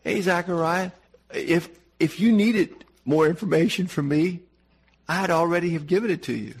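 A man putting on an indignant male archangel who scolds in a raised, gravelly voice. He talks down bluntly and folksily, with a husky edge. It is acted out briefly inside a sermon. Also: sits high, expressive, moderate pace, pitched above the performer's own voice, exaggerated voice.

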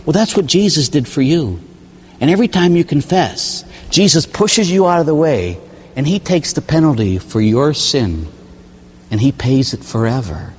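A man from Pittsburgh, a priest preaching a sermon as an animated storyteller who tags his points with a quick "huh?". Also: fairly high pitch, husky. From Pittsburgh, USA. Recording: long reverb of a large hall.

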